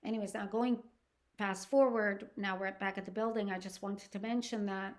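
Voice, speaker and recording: A woman's voice: medium pitch, fairly even intonation. An older woman from Canada hosts a personal storytelling podcast. She speaks earnestly and stops often to restart her sentences. Now and then she acts out what other people said. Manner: earnest and halting, with restarts and acted-out quotes. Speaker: podcast host.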